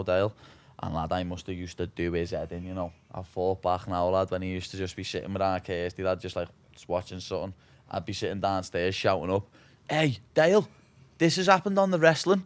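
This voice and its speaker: A man's voice: low voice, clear, resonant tone. Scouse man in his twenties, swearing. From Liverpool, England. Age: 20s. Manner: swears freely, says "lad" constantly, animated anecdotes. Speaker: guest, fighter. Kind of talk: casual storytelling interview.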